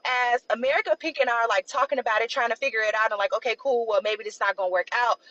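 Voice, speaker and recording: A young woman casually telling a personal story, loose and chatty, full of "like" and quick asides. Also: a little high, fairly bright tone, highs cut off. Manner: chatty, loose, peppered with "like" and "blah, blah".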